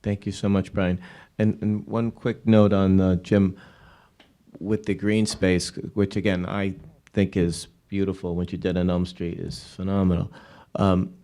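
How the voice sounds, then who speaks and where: Man chairing a town board, low voice, friendly and chatty between speakers. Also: little pitch movement, a little slow, mellow. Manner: friendly, rambling asides. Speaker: board chair running public comment.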